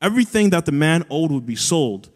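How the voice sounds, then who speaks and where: A pastor preaching a sermon in an earnest way, rising to emphatic high peaks as he retells a scripture story. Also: sing-song, a little fast, a little mellow. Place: church auditorium. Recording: long hall reverb.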